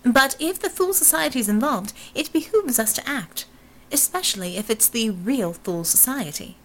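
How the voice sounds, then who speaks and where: A woman's voice: on the high side, animated, moderate pace, a bit bright, pitched above the performer's own voice. A woman voicing a retired superheroine who talks in a brash, sardonic, wisecracking way.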